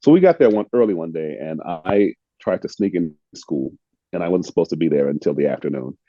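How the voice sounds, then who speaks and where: An older American-born man with a very deep, mellow voice recounts his career in a relaxed interview. He speaks reflectively and without hurry, often repeating a word as he restarts a thought. The sound is dull and lo-fi, and the room is dry. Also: a little fast, dry recording. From United States (Illinois). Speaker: actor, interview guest. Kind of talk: casual storytelling interview.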